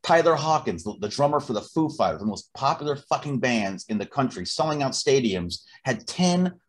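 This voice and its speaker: Animated, profane male podcast co-host. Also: medium pitch, moderate pace. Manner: profane, animated, repeats words as he builds a point. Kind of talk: casual chat.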